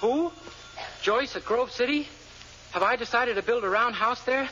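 A man's voice: very high-pitched, normal speed, pushed and bright, slight background noise. An actor playing a brash, flippant man who poses as a businessman, in 1940s radio comedy style. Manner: breezy, flippant wisecracks. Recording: dull old radio broadcast.

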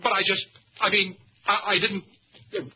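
A man's voice: high-pitched, little pitch movement, moderate pace, pushed and bright. A man playing a flustered, wisecracking sitcom lead who stammers often, in 1940s radio comedy on a muffled old recording with faint hiss.

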